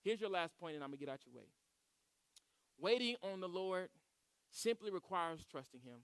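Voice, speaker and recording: A man's voice: high voice, lively intonation, normal speed, a bit bright, clean tone, no room sound. A man preaching a sermon in a church service, impassioned and rising to pleading prayer. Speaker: pastor. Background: live band playing.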